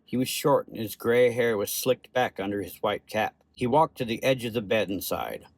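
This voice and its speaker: Low-voiced male horror narrator. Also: no echo. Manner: steady, measured storytelling.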